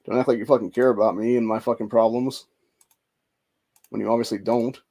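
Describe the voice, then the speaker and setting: Man, 40s, gravelly, rapid, profane rambling vent, emotionally frayed. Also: medium pitch, fairly even intonation, mellow. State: emotional and stressed. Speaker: vlogger. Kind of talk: casual venting monologue.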